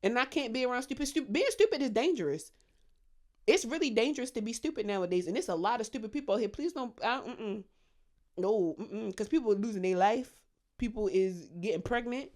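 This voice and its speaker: A woman's voice: a little high, a little fast. A woman co-hosting a podcast in casual chat, talking bluntly and full of cussing, acting out quotes as she tells stories. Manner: blunt, profane, animated storytelling with voiced quotes. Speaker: podcast co-host.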